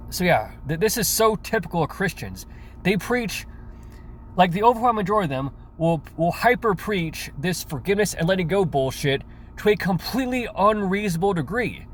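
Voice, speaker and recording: Ranting commentator, male, slightly high voice, sarcastic, swears a lot, stumbles over words, faint hiss behind. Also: animated, fairly quick. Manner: sarcastic, profane, stammering restarts. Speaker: commentary youtuber.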